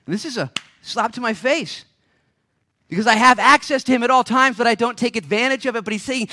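Male pastor with a high voice, preaching with fire, drops to a hush then erupts. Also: big pitch swings. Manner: impassioned, swinging from hushed to shouting; rapid-fire rhetorical questions. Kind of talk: sermon. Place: church service.

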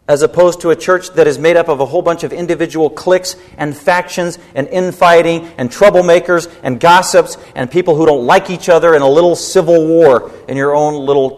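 Male pastor, mid-pitched, emphatic sermon delivery, long hall reverb. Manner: emphatic preaching, rising pitch when stirred.

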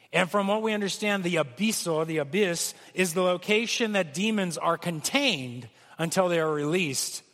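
Male pastor, earnest sermon delivery, high voice, recorded in a reverberant church hall. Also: a bit bright. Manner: earnest preaching, acts out pleading quotes.

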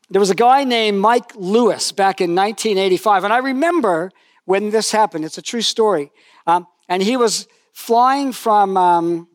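Older male preacher, high-pitched and chatty, dry close-miked sound, storytelling sermon with humor. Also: no echo. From lived in New Zealand for decades.

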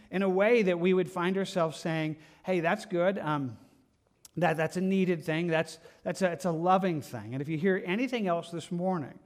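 Higher-voiced man preaching a conversational sermon. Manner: conversational, earnest, with frequent "like" and repeated words. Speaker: pastor.

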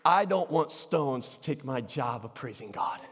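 A man preaching an energetic sermon in a church. He swings between shouting and soft, near-whispered asides, with self-deprecating humor. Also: mid-range voice, unhurried, long reverb tail. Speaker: pastor. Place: church sanctuary.

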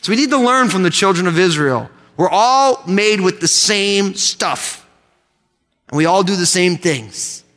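A man preaching to his congregation in a high, bright voice that rings out. He is animated and pulls the crowd into call-and-response. The sound carries a long reverb from the church hall. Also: a little slow. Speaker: pastor. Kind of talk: sermon. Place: church sanctuary.

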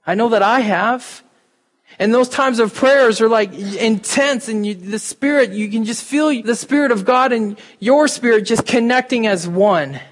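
His voice is very high-pitched and his pace measured as this pastor gives a relaxed, chatty sermon. He speaks right to the congregation, with the sound echoing through the hall.

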